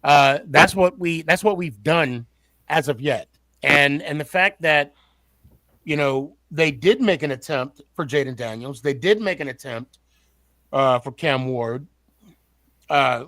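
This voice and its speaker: A man's voice: fairly high pitch, fairly bright tone, no echo. A man hosting a casual sports podcast, often repeating and restarting words as he builds his point.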